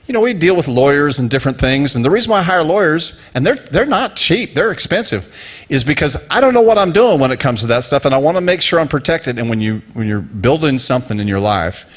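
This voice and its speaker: A middle-aged male pastor from the United States delivers a sermon through a rambling personal story. He talks in a loose, conversational way and briefly acts out the voices of the people he quotes. His voice sits at an ordinary middle pitch for a man. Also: fairly bright tone.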